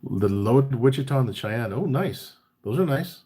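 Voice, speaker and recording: A man hosting a casual live-stream chat. He talks in a relaxed, chatty way, reads out viewer comments and gives tips between bits of banter. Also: medium pitch, normal speed, slightly rough. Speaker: barbecue caterer and live chat host.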